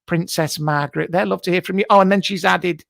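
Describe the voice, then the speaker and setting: A man's voice: sits high, steady tone, a little fast, vocal fry, fairly bright tone, no echo, studio quality. A man playing a brash, camp male psychic medium, hosting a live comedy show from his garage, teasing guests bawdily. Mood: teasing, bawdy. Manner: bawdy, teasing, breaks into frequent laughter. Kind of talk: improvised live-stream comedy character. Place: double garage at home. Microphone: computer mic on a live stream.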